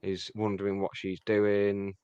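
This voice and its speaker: A man's voice: lowish voice, completely flat delivery, measured pace, dark tone, clean tone, dry recording, highs cut off. A man co-hosting a casual podcast, cracking cheeky, crude jokes with stammering restarts. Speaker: podcast co-host. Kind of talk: casual chat.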